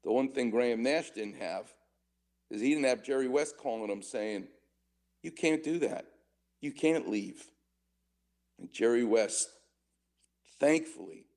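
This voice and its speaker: A man in his sixties hosting a call-in radio show as a doctor, an animated storyteller who laughs often. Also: lowish voice.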